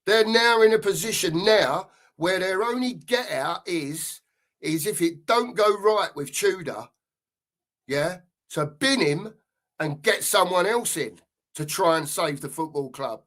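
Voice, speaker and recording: A middle-aged man hosts a live football show, venting in an angry, sweary rant that circles back on itself. His voice sits a little high for a man. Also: measured pace, fairly bright tone. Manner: angry, sweary, repeats himself. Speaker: podcast host.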